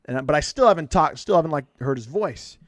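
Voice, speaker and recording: A man's voice: a little high, fast talker, no echo. A man who works as a counselor, telling a story in casual podcast chat, acting out what people said and cursing lightly. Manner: animated, acts out quotes, swears lightly. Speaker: addictions and mental health counselor.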